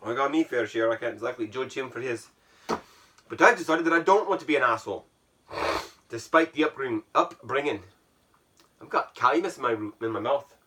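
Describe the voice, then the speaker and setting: A man's voice: medium pitch, expressive, normal speed, pauses often, pushed and bright, distant mic. Man rambling in a put-on Irish brogue. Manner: rambling, self-mocking, musing aloud. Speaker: vlogger. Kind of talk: casual reflective monologue. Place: sitting in an ice bath at home.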